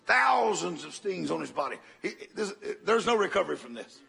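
An older man preaching a sermon, telling a story dramatically and swinging from loud bursts to hushed tones. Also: high voice, very animated, fairly quick, creaky, husky.

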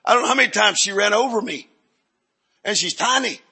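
An older man, preaching in a rambling, folksy storytelling sermon with sudden shouts. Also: high voice, lively intonation, brisk, breathy edge.

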